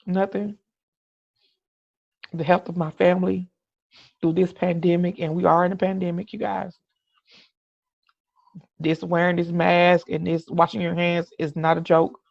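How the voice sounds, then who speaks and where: A middle-aged podcast host delivers a candid personal monologue in a medium-pitched, gravelly, level voice at a moderate pace, leaving long pauses. He speaks earnestly, often restarting and saying "you know what I'm saying," on a dull, dry lo-fi recording with no room sound.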